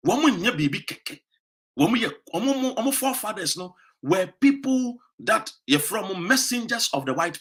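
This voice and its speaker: A man's voice: fairly high pitch, sharp tone. A Ghanaian man with a Ghanaian accent, giving an emphatic, accusatory political monologue that mixes English and Twi. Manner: switches between English and Twi, repeats "what you say?". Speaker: political commentator.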